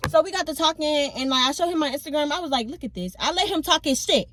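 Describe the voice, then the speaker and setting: Speaking fast and expressively, this young vlogger rambles through candid, slangy stories with plenty of fillers in a laid-back story-time video. Her pitch is high and her tone a bit bright. There's some hiss or hum on the low-quality recording.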